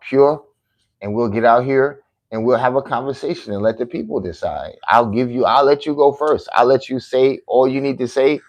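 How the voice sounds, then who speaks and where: Man, podcast host, boastful, taunting, challenging, combative live talk, mid-range voice. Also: mid-range voice.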